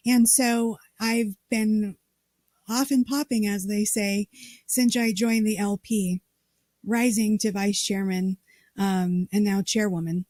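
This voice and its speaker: A woman's voice: medium pitch, fairly even intonation, unhurried, a little mellow, no echo. A woman from Colorado, a state party chair, telling her story in a casual interview and acting out the dialogue.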